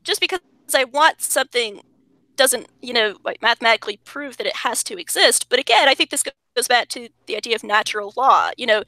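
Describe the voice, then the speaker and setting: Bright-voiced woman guest on a video call. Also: fairly high pitch, fairly quick, no echo. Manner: animated, talks through ideas with many restarts. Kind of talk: casual conversation.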